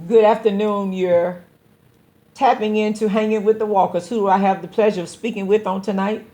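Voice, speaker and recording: A woman pastor hosts a call-in show. She speaks to listeners directly in an earnest, exhorting preaching style at a middle pitch, often stumbling over repeated words as she builds toward a point. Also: fairly even intonation, a little fast, dark tone. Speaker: pastor and radio show host.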